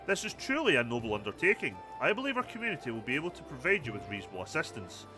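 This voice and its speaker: A man voicing a humble older male high priest in a game, speaking calmly and courteously. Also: racing, over music, close to an everyday voice.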